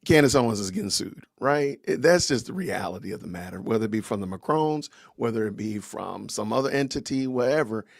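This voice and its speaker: An upbeat man hosting a podcast livestream, chatty and full of shout-outs to his viewers. His voice sits in a middle pitch with a gravelly, creaky edge, and the sound is close and dry. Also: lively intonation, fairly quick, few pauses, no room sound. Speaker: podcast host. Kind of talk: casual livestream interview.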